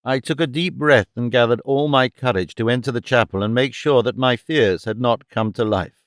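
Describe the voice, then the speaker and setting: A man narrating a detective story in the first person, even and clear. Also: medium pitch, normal speed, no echo, studio quality. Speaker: audiobook narrator.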